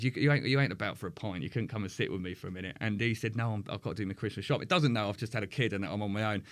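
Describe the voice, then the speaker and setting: A man's voice: lowish voice, a bit bright. A man, a podcast guest candidly recounting a hard personal story, swearing often and restarting his sentences.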